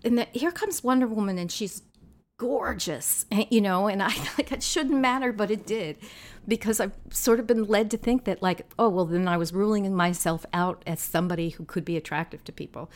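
A woman in her sixties, a filmmaker and activist talking as a guest in a casual interview, telling lively anecdotes. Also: mid-range voice, moderate pace. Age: 60s. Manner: lively storyteller, animated anecdotes.

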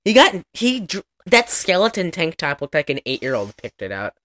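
This is a young woman on a casual podcast, retelling a movie in a loose, rambling way. Her voice sits on the lower side but her pitch swings widely as she goes. She fills her talk with "like" and slips into quick impressions of the characters. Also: sing-song, fairly bright tone. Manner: rambling, many "like" fillers, acts out lines from the film. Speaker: podcast co-host. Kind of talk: casual movie recap chat.

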